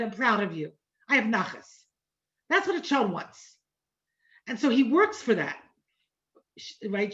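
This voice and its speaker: A woman's voice: fairly high pitch, a bit bright. A middle-aged woman teaching an online Torah class in a conversational manner, repeating phrases and checking in with the listeners. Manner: conversational, repeats phrases and asks "right?" often. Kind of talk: informal lecture. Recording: dull lo-fi online class audio.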